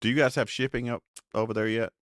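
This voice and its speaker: A man's voice: medium pitch, fairly even intonation, fast talker, no room sound, studio quality. A man co-hosting a casual radio-style podcast, rambling and laid-back with plenty of fillers. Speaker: podcast co-host. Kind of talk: casual radio-show chat.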